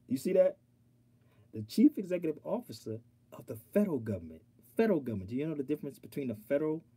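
A man hosting an online livestream, talking straight to his viewers in an animated, preachy way and reading aloud from a law dictionary. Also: mid-range voice, breathy edge. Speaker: online show host. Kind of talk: casual livestream talk.

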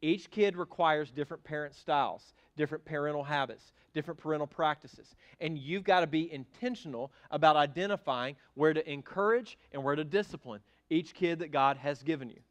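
A middle-aged man preaching a sermon as pastor in a church, animated and emphatic, with sudden loud bursts. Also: fairly high pitch, brisk, hardly any pauses. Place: church sanctuary.

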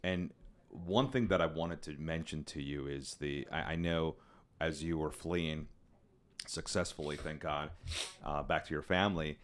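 A male podcast host with a very deep voice. He asks his question in a halting way, restarting his phrases. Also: steady tone. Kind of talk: interview questions.

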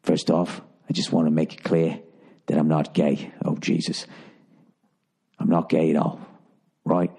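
A man putting on a drunk, creepy seventy-year-old British man, in a deliberately bad British accent, speaking hushed and halting. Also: very deep voice, level tone, creaky, slightly rough, pitched below the performer's own voice, full character voice. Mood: leering, hushed. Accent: put-on British accent, done badly.

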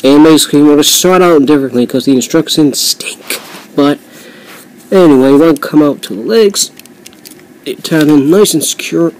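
A man's voice: a little high, normal speed, darkish tone, low-quality recording. Rambling man reviewing a toy. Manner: rambling, many fillers and self-corrections. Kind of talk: casual hands-on toy review.

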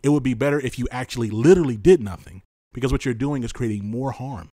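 A man hosting a solo podcast, talking with passion and frustration, repeating his points for emphasis and swinging between loud stress and tired, quiet drops. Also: medium pitch, fast talker, no room sound, clean studio sound. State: exhausted and frustrated. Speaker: podcast host.

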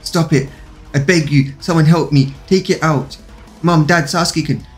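Guy doing a terrified crying young woman, pleading, voice pushed up high, faint music behind. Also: steady tone, normal speed, natural voice.

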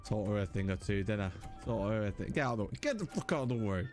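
A young man streaming a game live, excitable and swearing as he yells at the screen. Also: lowish voice, quick pace. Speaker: gaming streamer. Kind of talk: live gameplay commentary. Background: game music.

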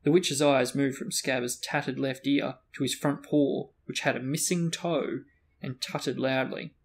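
A man's voice: mid-range voice, steady tone, unhurried. A man reading a fantasy novel aloud as host of a book discussion. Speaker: reader and host.

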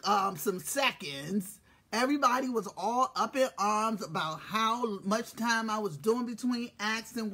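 Live-stream host, husky tone, mid-pitched, cussing banter, loud hellos mixed with murmured asides. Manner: swings from quiet asides to loud shouted greetings; profane, joking banter. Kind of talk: casual live-stream chat.

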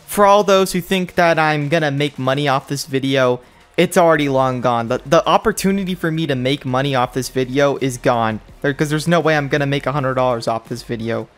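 A man's voice: mid-range voice, a little fast, fairly bright tone, soft background music. A young man giving exasperated commentary while opening mobile game packs, ranting and jumping up in disbelief.

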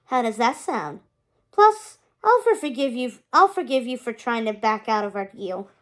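A woman voicing a sneering, hot-tempered male god of the underworld, loud and drawn-out, in a storybook read-aloud. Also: on the high side, sing-song. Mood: scheming.

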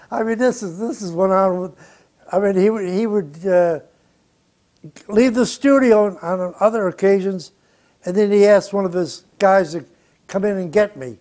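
A man's voice: high-pitched, normal speed, a little mellow. An older man, a record producer, telling studio stories in an interview, blunt and profane with short chuckles. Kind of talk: interview storytelling.

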